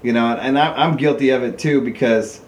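A man telling paintball stories in a casual podcast chat, rambling with many fillers and jumping into high, animated voices when he quotes other people. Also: a little fast. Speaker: podcast guest, paintball player. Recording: echoey room with faint noise.

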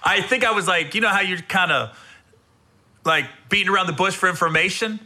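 A man's voice: high-pitched, brisk. A man, a stand-up comedian, telling stories in casual chat with lots of swearing and laughter, acting out what others said. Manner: animated storytelling, swears, laughs often, voices others. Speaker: stand-up comedian, podcast host.

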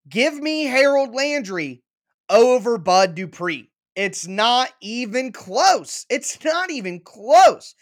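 A man's voice: sits high, a bit bright. A man hosting a sports talk show, making his case emphatically with repeated punchy lines and everyday analogies. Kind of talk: opinionated sports commentary.

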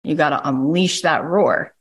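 A woman's voice: low-pitched, normal speed, breathy edge. A woman coach on a recorded call, telling a story with energy and acting out the people she quotes. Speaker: coach and podcast host.

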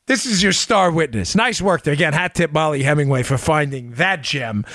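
A man hosting a political talk show, giving opinionated commentary full of sarcasm and mocking quotes, rising to loud outbursts and dropping to low asides. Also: moderate pace, few pauses, dry recording, clean studio sound.

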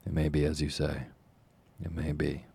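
A man's voice: very deep voice, little pitch movement, normal speed, gravelly, warm tone, husky, full character voice. A man voicing a fat, pompous, short-tempered parish official who likes to orate. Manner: pompous, self-important oratory.

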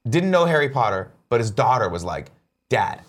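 A man's voice: mid-range voice, big pitch swings, fairly quick. A man co-hosting a talk show, chatting casually in a rambling, irreverent way and swearing freely. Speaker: show co-host. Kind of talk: casual chat.

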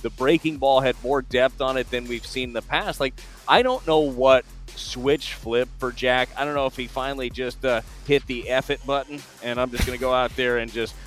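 A man's voice: medium pitch, steady tone, moderate pace, fairly bright tone, faint music behind. A man talking as an analyst on sports talk radio, blunt and emphatic and fond of repeating phrases. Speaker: baseball analyst.

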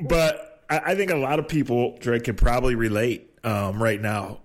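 Relaxed, self-mocking male talk host. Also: fairly high pitch. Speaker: sports talk show host. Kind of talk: casual chat.

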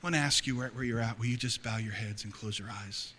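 A middle-aged male pastor preaching a sermon to a congregation, dropping to hushed confiding and rising to loud fervor. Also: on the low side, fast, a little hiss or hum. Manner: swings between hushed, intimate confiding and loud, fervent preaching. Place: church hall before a congregation.

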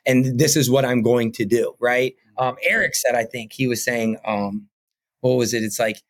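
A man's voice: mid-range voice, steady tone, normal speed. A man talking casually as a podcast guest, earnest and rambling, often tagging his sentences with "right?" and "you know what I mean?". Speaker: podcast guest, painting company owner. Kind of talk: casual interview talk.

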